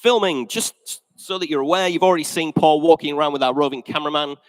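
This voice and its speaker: A man's voice: fairly high pitch, fast, dry recording, low-quality recording. A male auctioneer, chatty and jokey, slightly out of breath as he opens a live auction sale. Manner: chatty, jokey, addresses the room as ladies and gentlemen. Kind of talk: live auction opening announcements. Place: large indoor auction sale room.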